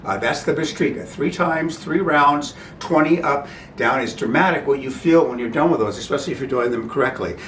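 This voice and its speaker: A man talks through breathing practice in a loose, halting way, restarting phrases and checking in with listeners. His voice sits in a middle register and sounds set back from the mic. The room is echoey, with a faint rumble underneath. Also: fairly bright tone, distant mic. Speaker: breathing instructor. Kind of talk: informal spoken instruction.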